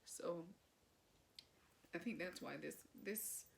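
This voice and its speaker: A young woman talks to her camera in a casual, chatty vlog, retelling a personal story with plenty of fillers. She speaks in a somewhat low, gravelly voice, and her retelling is full of feeling. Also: slow pace, a little hiss or hum. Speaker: vlogger.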